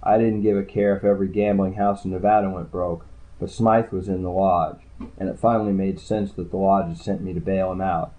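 A man's voice: low voice, flat delivery, a little fast, narrow, tinny audio. A man narrating a first-person audiobook in a dry, understated way.

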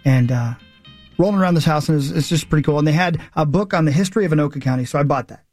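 A man's voice: a little high, very fast, darkish tone, soft background music. A man in his forties, a morning radio host, telling a rambling, emphatic story with self-mocking asides. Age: 40s. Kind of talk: casual morning radio chat.

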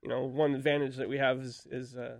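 A man talks fast and folksy as an expert guest, his voice gravelly and his words tumbling out. The recording is close and dry. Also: medium pitch, flat delivery, dry recording. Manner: quick, folksy explainer who demonstrates calls aloud. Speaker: duck-call expert guest. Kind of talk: casual podcast conversation.

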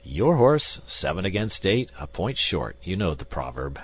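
A man voicing a coolly indifferent, wry musketeer in an audiobook, with a husky voice and a calm, drawling manner. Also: low voice, measured pace, no room sound, full character voice. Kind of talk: audiobook character reading.

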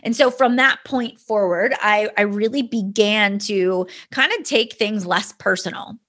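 A woman's voice: medium pitch, measured pace, fairly bright tone. A woman in her thirties hosting a solo podcast from home, telling personal stories in an earnest, motivational way. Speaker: podcast host. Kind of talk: casual solo podcast talk. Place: home, indoors.

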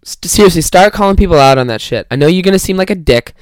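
A man's voice: high-pitched, expressive, fast talker, dry recording, clean studio sound. Profane young man ranting on a podcast. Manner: profane, mocking, acts out quoted people. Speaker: podcast host. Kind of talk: casual comedic rant.

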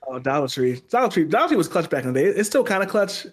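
A young man co-hosting a casual podcast, talking fast in a slightly high, lively voice. He jokes and riffs with quick asides. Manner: joking, riffing, quick asides. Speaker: podcast co-host. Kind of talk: casual chat.

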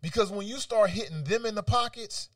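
A man hosting an opinionated talk radio segment, reading out quotes and rebutting them with animated, argumentative commentary. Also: high-pitched, brisk, no room sound, clean studio sound, far from the mic.

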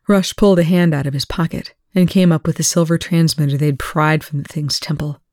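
A reader narrates a fiction chapter aloud to proofread it, in a steady, plain way. The voice is at a middle pitch and sits close to a home mic. The room is dry and dead. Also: brisk, hardly any pauses, no room sound.

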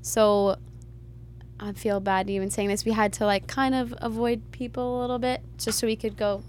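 A woman musician, a guest in an interview, talking in a relaxed, candid way with many fillers. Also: on the high side, normal speed, slight background noise. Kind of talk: casual interview chat.

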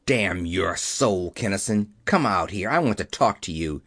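A man's voice: medium pitch, huge pitch swings, measured pace. A man voicing a blustering, bullying company boss who roars and rages. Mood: raging. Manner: roaring, raging.

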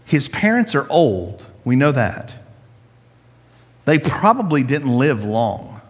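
A man preaching a sermon to a congregation, telling the story in an animated, conversational way with casual slang. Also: medium pitch, slow pace, husky. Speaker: pastor. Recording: long reverb of a large hall.

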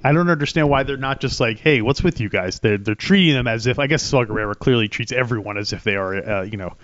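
A man's voice: mid-range voice, fast, fairly bright tone, highs cut off. A man co-hosting a casual podcast, asking questions and chatting along. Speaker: podcast co-host. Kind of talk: casual chat.

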